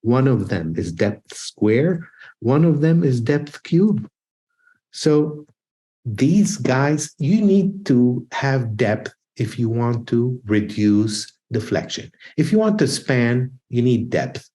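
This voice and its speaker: A man's voice: mid-range voice, very animated, slow, dark tone. A man teaching an exam prep lecture, emphatic and repetitive as he drills key points. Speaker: architecture exam prep instructor.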